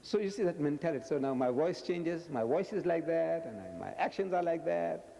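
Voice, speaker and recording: A man in his seventies giving a religious lecture, loud and forceful, his pitch jumping high when he gets animated. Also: brisk, vocal fry. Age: 70s. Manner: loud, forceful, booming delivery; pitch swings sharply upward when animated. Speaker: Islamic lecturer. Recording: long hall reverb.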